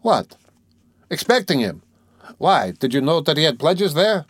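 A man voicing a blunt, excitable young male friend who speaks loudly and eagerly. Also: mid-range voice, moderate pace, no echo, natural voice. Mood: excited. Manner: loud, eager, outspoken.

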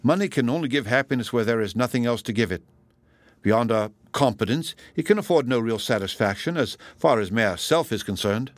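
A man's voice: medium pitch, animated, a little fast, no room sound, close to an everyday voice. A man voicing an ardent, earnest young woman in an audiobook reading, speaking with impassioned emphasis.

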